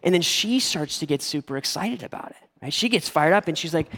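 A man in his forties, a pastor telling a story in a sermon with lively acted-out voices. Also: on the high side, brisk, hardly any pauses. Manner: animated storytelling, acting out quoted voices. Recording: long hall reverb.

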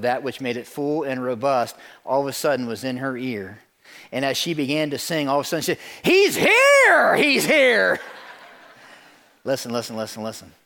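A male pastor preaching a sermon to his congregation, telling stories, repeating words and talking straight to the listeners. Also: mid-range voice. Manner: animated storytelling, acts out voices in quotes.

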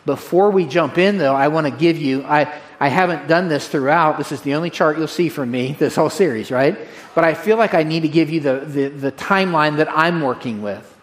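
A man preaching a sermon to his congregation in a direct, energetic, folksy way, repeating key phrases. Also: a little high, a little fast. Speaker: pastor.

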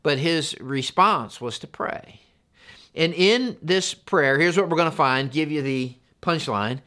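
A middle-aged man, a pastor, preaching a conversational, animated sermon. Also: on the high side, unhurried.

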